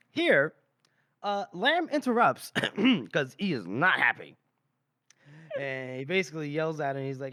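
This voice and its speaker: A male podcast co-host with a fairly high, slightly bright voice casually recaps a book chapter for a book club, animated at a normal speed, briefly quoting characters and swearing now and then. It's clean studio sound with no room noise.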